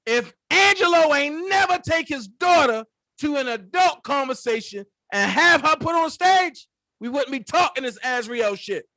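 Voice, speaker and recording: A man hosting his own political commentary channel, talking in a loud, profane, animated way and mimicking other voices. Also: very high-pitched, no echo.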